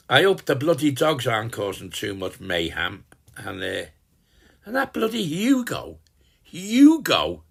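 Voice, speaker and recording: A man in his eighties playing a gruff, cheeky old working-class dad, rambling and swearing casually in a comic Christmas greeting. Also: medium pitch, a bit bright, full character voice. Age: 80s. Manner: rambling and chatty, swears casually, trails off and restarts. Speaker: sending a personalized Christmas video greeting. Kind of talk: rambling in-character comic monologue.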